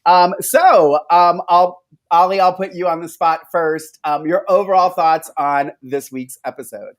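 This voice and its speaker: A man's voice: high-pitched, steady tone, measured pace. A man co-hosting a recap show, reading a scripted intro and then chatting loosely with many fillers and laughs. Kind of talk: casual chat with scripted intro.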